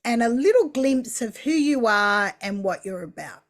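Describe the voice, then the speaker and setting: A middle-aged Australian woman hosting a podcast, effusive and quick to laugh. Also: on the high side, lively intonation. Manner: warm, effusive, laughs often. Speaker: podcast host. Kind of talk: casual interview chat.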